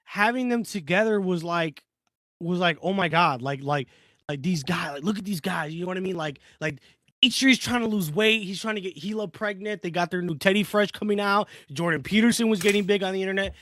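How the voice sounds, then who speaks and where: High-voiced rambling male co-host. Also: brisk, fairly bright tone, no echo, clean studio sound. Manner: rambling, heavy on filler words. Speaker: podcast co-host. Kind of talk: casual chat.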